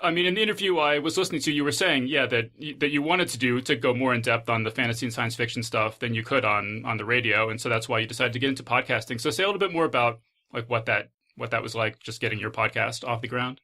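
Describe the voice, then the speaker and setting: Fast, bright-voiced male host. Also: medium pitch. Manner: quick, stumbling restarts, laughs along. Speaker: podcast host. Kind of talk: interviewing guests.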